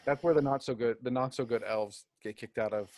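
A man on a podcast making quick joking asides in casual chat. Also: medium pitch, a little mellow. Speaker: podcast co-host.

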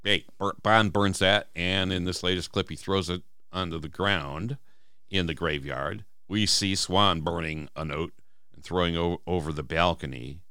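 A man's voice: low voice, pushed and bright, dry recording, studio quality. A man co-hosting a podcast, talking through song lyrics in casual, emphatic chat and acting out quoted lines. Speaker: podcast co-host.

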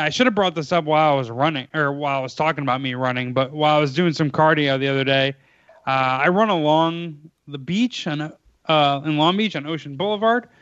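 A man's voice: on the high side, fairly bright tone, smooth, dry recording, lo-fi sound. Laid-back young man telling a story. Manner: laid-back, swears casually, acts out quotes in a raised voice. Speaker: podcast co-host. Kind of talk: casual storytelling chat.

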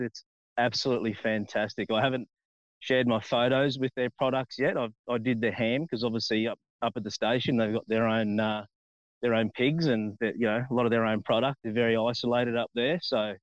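A man's voice: lowish voice, dry recording. Australian man, laid-back and friendly, outdoors on a farm, dull lo-fi call sound, dry. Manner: friendly, laid-back, says mate a lot. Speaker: chef and guest. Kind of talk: casual interview chat. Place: outdoors on a farm under a shady tree. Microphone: phone on a tripod on a ute.

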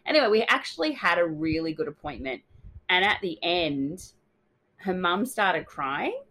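A young adult woman co-hosting a casual podcast, telling a story with lively quoted dialogue. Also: on the low side, moderate pace, low-quality recording. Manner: animated storytelling, acts out quotes. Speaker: dental hygienist podcast co-host. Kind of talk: casual chat.

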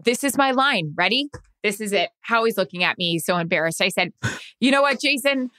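A middle-aged woman co-hosting a chat show, telling stories in an animated, self-deprecating way. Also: mid-range voice, brisk, dry recording, studio quality. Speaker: podcast co-host. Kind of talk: casual chat, storytelling.

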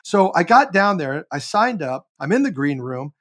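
A man in his fifties, an actor and comedian, telling stories as a guest in a casual interview with lots of swearing and shouted reenactments. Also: a little high, moderate pace. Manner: animated, profane, barks when reenacting.

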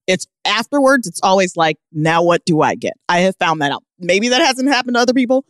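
A woman co-hosting a podcast, telling a comic story with emphatic, animated delivery and frequent laughter. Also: mid-range voice, a little fast, few pauses, dry recording, clean studio sound. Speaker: podcast co-host. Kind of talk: casual comedic storytelling.

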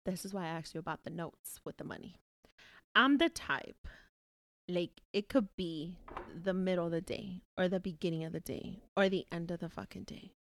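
A woman's voice: fairly low pitch, moderate pace, dry recording. Frank, profane young woman on a podcast. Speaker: podcast co-host. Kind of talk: casual chat.

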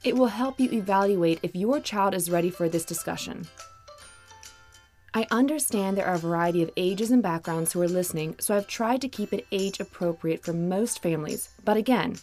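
Woman podcast host, kids' storyteller, clear and gentle, soft music bed. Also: mid-range voice, normal speed. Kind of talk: warm scripted narration for children.

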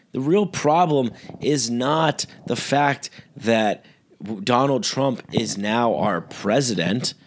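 A man delivering a rambling, profane, sarcastic political rant, full of restarts and fillers. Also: medium pitch. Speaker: political commentator. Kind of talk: ranting monologue.

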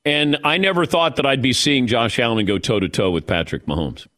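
A man hosting a sports radio show, chatting conversationally with his guest. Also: a little fast. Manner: conversational, lively pitch swings.

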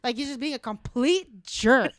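A woman's voice: sits high, lively intonation, normal speed, fairly bright tone, a little hiss or hum. A woman who is a guest on a podcast, chatting casually and teasing her co-host with sarcasm and swearing. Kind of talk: casual chat.

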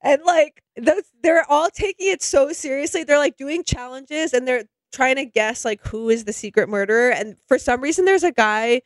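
A woman co-hosting a chatty podcast, retelling scenes in an animated way and peppering her talk with "like.". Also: high voice, normal speed, few pauses, no room sound. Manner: animated storyteller, heavy use of "like". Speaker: podcast co-host. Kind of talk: casual chat, animated retelling.

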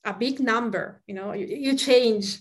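Italian woman in her 40s, podcast host, fairly high voice, chatty with lots of uh and um. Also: a little slow. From Tuscany, Italy. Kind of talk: podcast chat.

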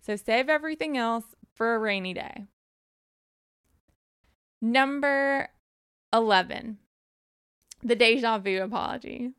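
A woman's voice: a little high, takes it slowly, long pauses, a bit bright, clean tone, no echo, clean studio sound. A woman giving casual, direct advice and counting off numbered points in a frank way.

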